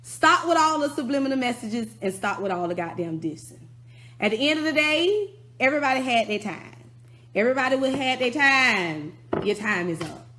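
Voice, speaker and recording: Profane, scolding woman, fairly high voice. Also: big pitch swings, moderate pace, sharp tone, slight background noise. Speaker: rapper turned commentator. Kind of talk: ranting song review.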